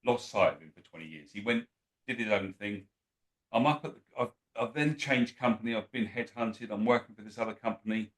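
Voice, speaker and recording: A man, a podcast guest telling stories in a lively, anecdotal way. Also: on the low side, brisk, low-quality recording. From England. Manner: lively anecdotal, acts out quoted voices. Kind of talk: casual storytelling.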